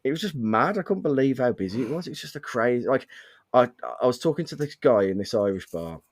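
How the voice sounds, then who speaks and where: This podcast host, a young man from England, talks fast and expressively in a mid-range voice, rambling through casual stories and cursing often. The studio-quality recording has no room sound.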